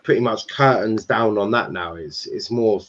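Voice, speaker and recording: A man's voice: lowish voice, normal speed, fairly bright tone, muffled recording, slight background noise. A man hosting a live football stream, chatting casually with loose banter, swearing and restarts. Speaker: stream host.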